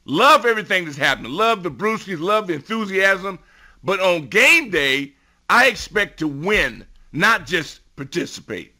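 A middle-aged man giving football analysis as a radio guest, emphatic and building to loud bursts on his points. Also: high-pitched, sing-song, measured pace. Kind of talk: sports radio talk.

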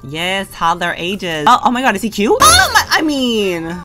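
A young woman playing a life-simulation game and commenting in a campy, slang-heavy, dramatic way, with squealing high notes. She speaks into a desk condenser microphone. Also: big pitch swings, moderate pace, few pauses, over music. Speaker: gaming YouTuber. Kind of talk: Sims gameplay commentary.

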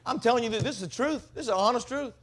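Speaking fast, a Mississippi evangelist preaches at a revival, spinning a comic story with lively energy. His voice sits notably high for a man, and he slips into quoted voices while telling it.

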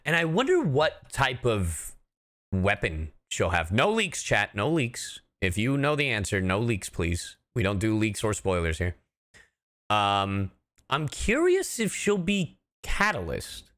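A man who is a voice actor chatting casually with his livestream chat, animated and talkative, laughing often. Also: fairly low pitch, a little slow. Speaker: voice actor streaming a reaction.

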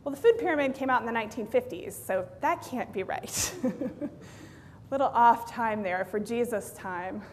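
A woman pastor giving a sermon in a plainspoken, lightly joking manner. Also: normal speed. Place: church sanctuary. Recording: reverberant church hall, faint rumble.

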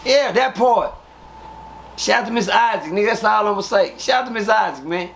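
Texas man, higher voice, lively profane storyteller, faint hiss behind him. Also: a little fast, gravelly. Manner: animated, profane street storytelling, acts out scenes with sound effects. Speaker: guest telling prison stories. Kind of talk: casual storytelling interview.

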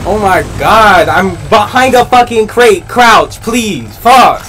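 A man's voice: high-pitched, animated, slow pace, a bit bright, slight background noise. A young man giving live gameplay commentary, full of profane, exasperated trash talk. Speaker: gaming video creator.

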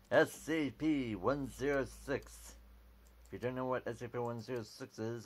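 A man giving casual, dry commentary while playing a computer game, reading on-screen text aloud at a desk mic. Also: mid-range voice. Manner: offhand, dry, reads out on-screen text, keeps saying "alrighty". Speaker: gameplay video maker.

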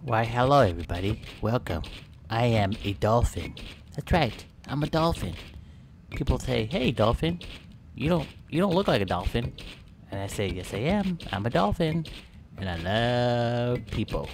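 A man's voice: mid-range voice, sing-song, moderate pace, slight background noise. A man voicing a sly male great white shark who poses as a friendly dolphin, with a mock-friendly, boastful manner.

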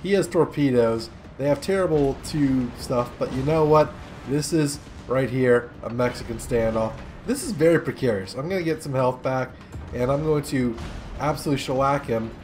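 A man's voice: medium pitch, normal speed, a little mellow, soft background music. A young man giving casual, rambling gameplay commentary with sarcastic jokes and asides. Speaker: gaming commentator.

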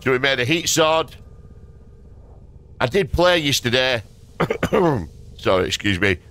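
A young man who makes gaming videos rambles through gameplay commentary at his home desk, swearing casually and poking fun at himself. His mid-range voice is slow and a bit bright, with big swings in pitch, picked up by a dynamic desk mic.

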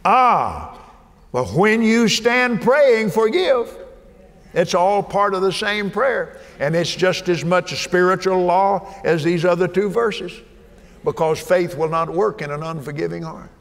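An older man preaching a sermon in a folksy way, with joking asides and fervent, shouted peaks. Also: sits high, measured pace, creaky. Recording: reverberant hall with faint ambience.

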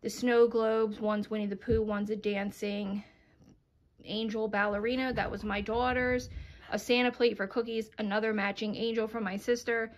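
A woman's voice: fairly high pitch, flat delivery, normal speed, muffled recording. A woman vlogging from inside her home and chatting casually through a tour of her holiday decor, affectionate and full of little fillers.

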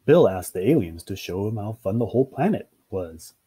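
Expressive male children's story reader. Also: on the low side, moderate pace, breathy edge. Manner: expressive, sing-song storytelling. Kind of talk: read-aloud children's story narration.

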